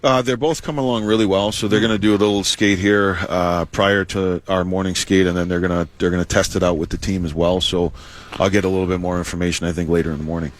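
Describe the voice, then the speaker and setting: A man, a hockey head coach, giving measured interview answers with lots of "you know" and "uh". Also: sits low, steady tone.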